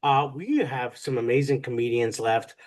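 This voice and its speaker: Guy hosting a comedy night, upbeat jokey intros, mid-pitched voice. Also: moderate pace. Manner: jokey, upbeat emcee patter. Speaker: comedy show host.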